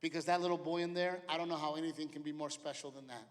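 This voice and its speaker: A middle-aged man doing a stand-up comedy routine, animated storytelling that acts out his family members. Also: fairly high pitch, fast talker. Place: large theater with live audience. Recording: live venue reverb, audience noise.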